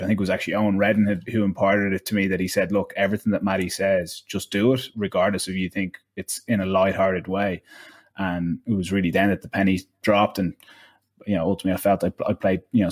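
A man co-hosting a casual chat, thinking back in a measured way. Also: deep voice, husky.

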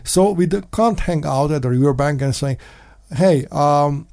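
A man hosting a casual commentary monologue, sarcastic, mocking in put-on voices and breaking into sudden shouts. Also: on the high side, unhurried, gravelly. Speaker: podcast host.

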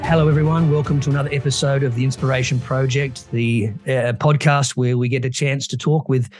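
A man's voice: mid-range voice, darkish tone. A man hosting a faith podcast, introducing his guest and asking long, thoughtful questions with frequent restarts. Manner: earnest, hesitant with many fillers and restarts. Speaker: podcast host. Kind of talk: interview hosting.

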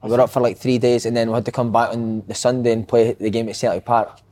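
A Scottish former footballer in casual chat, telling animated stories and laughing often. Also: male voice, mid-range voice, fast talker.

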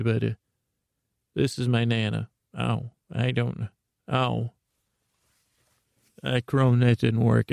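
A man's voice: medium pitch, gravelly, a little mellow, dry recording, studio quality. A man hosting a podcast, rambling through a self-deprecating improvised comic monologue full of restarts. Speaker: podcast host.

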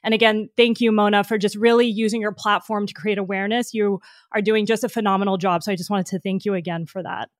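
A woman's voice: medium pitch, steady tone, fast talker, no room sound, clean studio sound. A woman hosting a podcast interview, speaking in an earnest, heartfelt way. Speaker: podcast host.

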